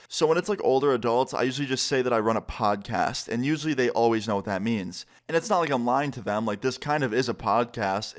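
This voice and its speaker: A young man telling a story on his YouTube channel in a casual way, with lots of "like" fillers. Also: medium pitch. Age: young adult. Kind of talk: storytime vlog.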